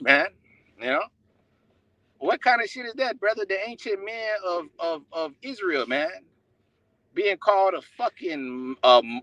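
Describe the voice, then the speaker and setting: High-voiced man in a profane rant. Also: a bit bright, no room sound, poor audio. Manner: profane, repetitive, many fillers and restarts. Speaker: online preacher. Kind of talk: angry religious rant to camera.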